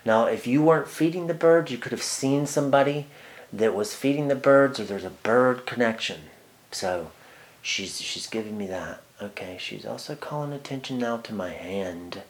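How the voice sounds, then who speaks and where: A man doing a one-on-one psychic reading speaks at a medium pitch and sounds animated. He still hesitates constantly, restarting and filling gaps, and sometimes lowers his voice to murmured asides.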